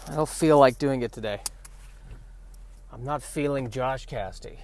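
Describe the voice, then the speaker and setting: On his own podcast, a man delivers a loose, meandering monologue in a self-deprecating, offhand manner. He has a mid-range voice and keeps a measured pace.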